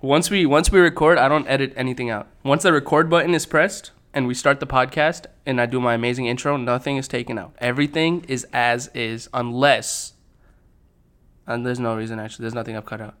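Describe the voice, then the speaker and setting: A young man hosting a casual podcast, upbeat and quick to laugh, easily flustered by his co-hosts. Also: mid-range voice, steady tone, a bit bright, clean tone. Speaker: podcast host.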